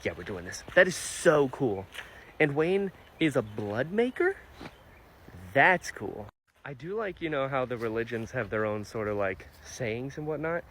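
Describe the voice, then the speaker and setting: A man's voice: medium pitch, measured pace, a little hiss or hum. A man casually reacting to a fantasy novel he is reading, enthusiastic and chatty. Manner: enthusiastic, animated, many fillers. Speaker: book vlogger. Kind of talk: casual book reaction vlog.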